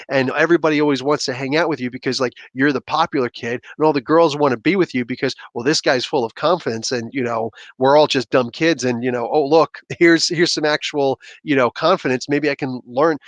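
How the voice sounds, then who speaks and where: A man hosting a comic book review show, talking in a loose, animated and rambling way with sudden outbursts. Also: mid-range voice, no echo. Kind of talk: casual commentary.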